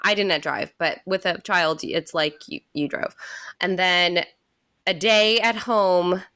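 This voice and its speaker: A woman's voice: lowish voice, fairly even intonation, slow pace, bright, forceful tone, dry recording, clean studio sound. Stuffy-nosed woman chatting. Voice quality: stuffy, plugged nose. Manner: chatty, laughing storyteller. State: sick with a cold. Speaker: podcast co-host. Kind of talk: casual chat.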